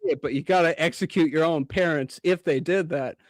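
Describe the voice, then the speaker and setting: A man calling in to a show, joking in a deadpan, profane ramble. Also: on the high side, a little fast, no room sound, studio quality. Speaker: caller. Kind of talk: joking call-in.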